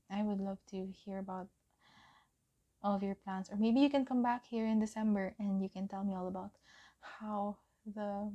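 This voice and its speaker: A young woman giving a pick-a-card tarot reading, gentle and encouraging, often giggling and saying um. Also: mid-range voice, lo-fi sound. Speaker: tarot reader.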